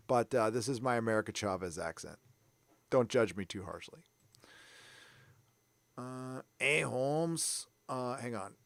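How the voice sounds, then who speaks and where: A man's voice: medium pitch, fairly bright tone, dry recording. A man from San Diego hosting a live stream, chatting casually in a rambling, self-deprecating way. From San Diego, California. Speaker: livestream host.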